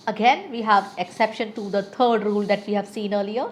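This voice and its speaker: A woman's voice: medium pitch, fairly quick, hardly any pauses, a little hiss or hum. A woman teaching English pronunciation, reading word lists one by one with careful stress. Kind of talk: scripted pronunciation lesson.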